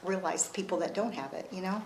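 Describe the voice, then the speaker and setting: A woman's voice: fairly low pitch, fast, echoey room, a little hiss or hum, rough recording. An older woman leading a church seniors' discussion in a chatty way, laughing easily. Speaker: discussion leader in a seniors' group. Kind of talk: casual group discussion.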